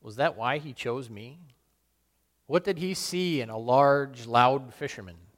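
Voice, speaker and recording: A man playing Peter, a remorseful, brash fisherman and apostle, in a slow, brooding first-person monologue with sudden loud outbursts. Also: medium pitch, close to an everyday voice. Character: remorseful middle-aged fisherman apostle, brash, guilt-torn. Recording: long hall reverb.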